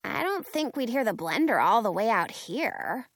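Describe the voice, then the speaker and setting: A woman's voice: fairly high pitch, big pitch swings, moderate pace, dry recording, studio quality. A woman voicing a sensible, studious schoolgirl who speaks in a practical, matter-of-fact way. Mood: earnest.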